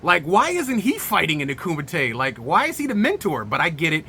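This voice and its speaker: A man hosting a casual movie review, talking in excited slang and often breaking into laughter. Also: a little high, brisk, gravelly, a little hiss or hum.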